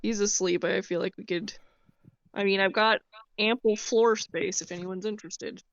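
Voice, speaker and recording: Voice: medium pitch, steady tone, normal speed, dry recording, lo-fi sound. A player joking offhandedly during a tabletop game over a call. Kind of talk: casual play over a voice call.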